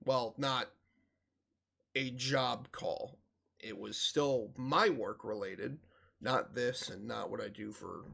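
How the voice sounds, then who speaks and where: Profane, animated podcast host man. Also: fairly low pitch, vocal fry, husky. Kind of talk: casual chat.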